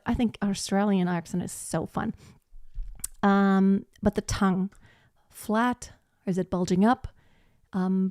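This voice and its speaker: A woman's voice: medium pitch, no echo, studio quality. A woman vocal coach teaching a live online singing lesson, chatting loosely with many fillers and demonstrating sounds. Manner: chatty, rambling, many "like" and "you know" fillers; demonstrates sounds with her own voice.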